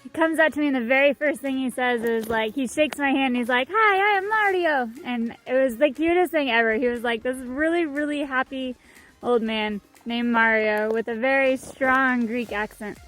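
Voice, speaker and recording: Chatty young woman with a higher voice. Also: normal speed, fairly bright tone, faint music behind. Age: young adult. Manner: chatty, many fillers like "like" and "um". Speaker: vlog co-host. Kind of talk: casual storytelling chat.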